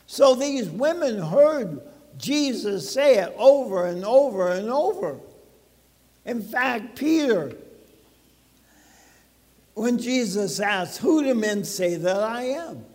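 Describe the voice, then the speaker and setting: A man's voice: very high-pitched, animated, slow pace, pauses often, a little mellow, long reverb tail. A man pastor preaching a sermon to his congregation in a conversational way, putting questions to the listeners. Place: church sanctuary.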